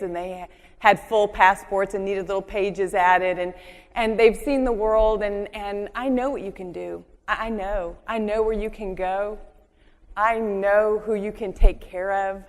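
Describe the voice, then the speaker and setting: Earnest woman in her 40s, motivational speaker, long hall echo. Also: mid-range voice. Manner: earnest, encouraging, repeats herself. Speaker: convention speaker. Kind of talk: motivational speech. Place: large convention hall.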